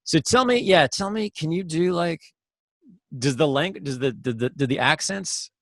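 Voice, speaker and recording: A man's voice: fairly high pitch, expressive, moderate pace, no echo, studio quality. A man hosting a podcast, asking curious questions and thinking aloud in casual conversation. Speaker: podcast host.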